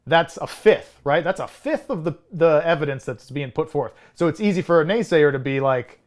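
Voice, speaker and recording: A man's voice: on the high side, animated, moderate pace. A man in his thirties co-hosting a film podcast in casual chat, rambling with frequent restarts and chuckles. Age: 30s. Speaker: podcast co-host.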